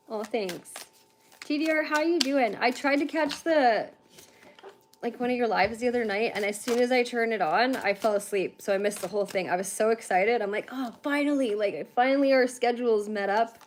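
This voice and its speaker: A tired young woman from Canada, chatting fast on a livestream with lots of fillers while she gives a card reading. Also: medium pitch, a little hiss or hum. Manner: fast-talking, chatty, laughs often, many fillers. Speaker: tarantula reader on a livestream.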